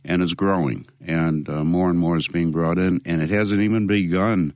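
A man being interviewed, speaking in a measured way with many pauses and fillers. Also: sits low, steady tone, a little mellow, no room sound, clean studio sound. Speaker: interview guest, local activist. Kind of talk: conversational interview.

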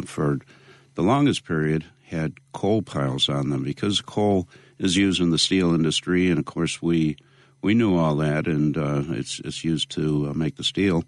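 A man being interviewed, speaking in a measured way with many pauses and fillers. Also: sits low, no echo, studio quality. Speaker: interview guest, local activist. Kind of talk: conversational interview.

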